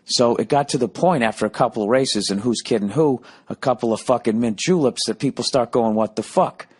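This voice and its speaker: Fairly quick and mid-range, his voice is a little mellow yet husky. The podcast host spins a profane comic tale in a sarcastic rant, heavy on swearing, voicing both parties in the arguments himself.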